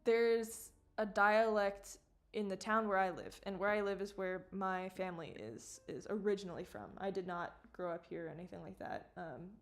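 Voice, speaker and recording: A woman chatting casually on a live stream about her own work, animated and swearing, with mock outrage and quick laughs. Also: mid-range voice, vocal fry.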